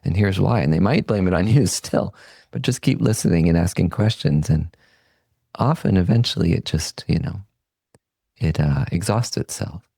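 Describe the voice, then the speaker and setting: A man hosting a podcast, giving a calm, unhurried, reflective Buddhist teaching talk that trails off softly at the ends of phrases. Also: sits low, creaky, slightly rough, no room sound. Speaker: podcast host and meditation teacher.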